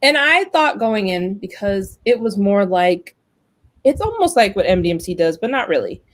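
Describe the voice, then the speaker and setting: A woman's voice: mid-range voice, very animated, moderate pace, low-quality recording. A woman hosting a casual web talk show, telling a long story about job hunting, chatty and full of fillers. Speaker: host. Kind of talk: casual chat.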